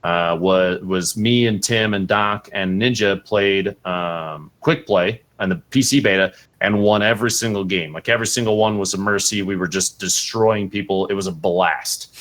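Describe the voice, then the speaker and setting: A young adult man with a fairly low voice tells a casual story as a podcast guest. He is animated and leaps up in pitch whenever he acts out what someone said. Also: moderate pace, few pauses.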